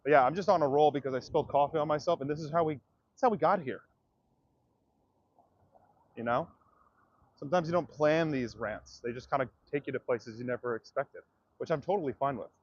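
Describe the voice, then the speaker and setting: A man's voice: on the high side, fairly quick, long pauses, highs cut off. A man livestreaming outdoors, ranting to his viewers in a profane, direct way. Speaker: comedian livestreamer. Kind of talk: livestream rant to chat.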